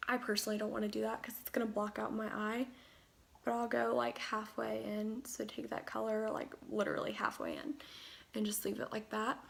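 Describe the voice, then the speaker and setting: A woman's voice: mid-range voice, creaky. A young woman talking through a makeup tutorial at home in a chatty, rambling way, full of fillers and asides. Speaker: beauty vlogger.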